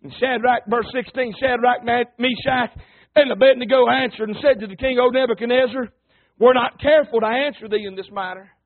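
A man's voice: very high-pitched, fairly even intonation, a little fast. A man preaching a folksy, emphatic sermon and calling on the congregation. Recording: tinny phone-like sound.

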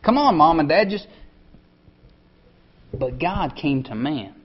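Conversational preacher, dull lo-fi sound. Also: male voice, a little high, expressive, takes it slowly, slightly rough. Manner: conversational, drops to soft tones for emphasis. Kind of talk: sermon. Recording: dull lo-fi recording.

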